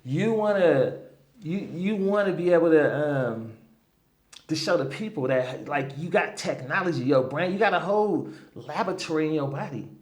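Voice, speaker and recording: A man talking as a guest healer in a relaxed interview, telling a long story with lots of energy. His voice sits a little high for a man. He keeps pulling the listener in with "right?" and "you know what I'm saying?". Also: moderate pace.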